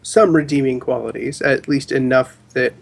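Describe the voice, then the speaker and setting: A man's voice: mid-range voice, moderate pace, creaky. A man on a casual podcast panel, joking and laughing often.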